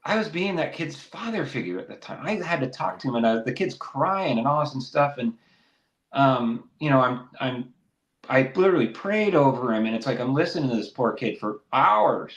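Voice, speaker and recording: A mid-range, normal-speed man co-hosts a casual faith podcast, rambling earnestly and acting out critics with sudden bursts of energy, recorded with a roomy echo.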